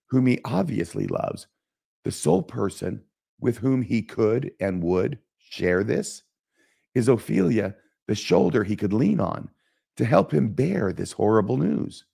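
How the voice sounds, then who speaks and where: A man hosting an educational podcast on Shakespeare, speaking in a measured way and reciting quoted lines slowly and solemnly. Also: lowish voice, creaky, darkish tone, husky. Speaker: podcast host teaching Shakespeare. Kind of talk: scripted educational podcast narration.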